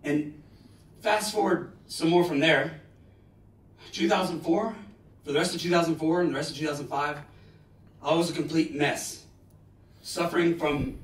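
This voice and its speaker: A man in his forties giving a live motivational talk, telling stories dramatically with bursts of loud emphasis. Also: a little high. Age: 40s. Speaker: motivational speaker. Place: large lecture hall. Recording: roomy hall, distant mic.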